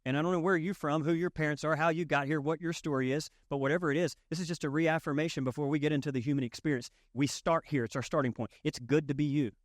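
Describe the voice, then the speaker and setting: A Southern United States pastor gives a conversational sermon in a slightly high, steady voice, talking fast with few pauses. He's folksy, cracks jokes and repeats lines for emphasis. The sound is clean studio audio with no room sound.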